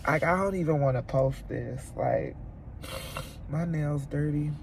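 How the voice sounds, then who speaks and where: A woman's voice: deep voice, a little slow, creaky, darkish tone, a little hiss or hum. A woman vlogger crying as she vents about a friendship breakup, swearing as she talks to camera from her car. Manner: tearful, venting, swearing. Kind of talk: emotional car chat to camera. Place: inside a parked car.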